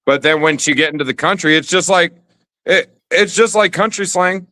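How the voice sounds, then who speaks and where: A man's voice: on the high side, moderate pace, sharp tone. A man co-hosting a podcast, talking bluntly and profanely in easygoing casual chat. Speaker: podcast co-host.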